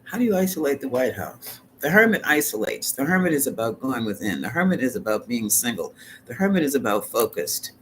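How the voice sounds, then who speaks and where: A man's voice: medium pitch, very animated, fairly quick, a little hiss or hum. A man giving a live tarot reading in a dramatic, colloquial, sassy way, sometimes dropping into whispered asides. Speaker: tarot reader.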